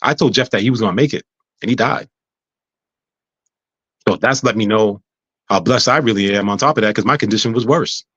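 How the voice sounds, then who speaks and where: Male guest, rapid storyteller who acts out conversations, stumbles and restarts a lot; dry, dull recording. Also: lowish voice, breathy edge, dry recording. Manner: animated, acts out dialogue, frequent stammers and restarts. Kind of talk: casual storytelling.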